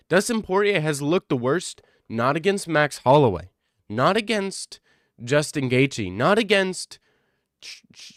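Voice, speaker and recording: A man streaming in casual chat, reacting to viewers, excitable and profane, often repeating himself. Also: fairly high pitch, no echo, studio quality.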